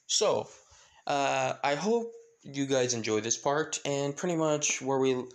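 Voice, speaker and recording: A man's voice: medium pitch, lively intonation, slow. Casual male narrator, rambling and filler-heavy, telling a fan story. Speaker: channel host and narrator.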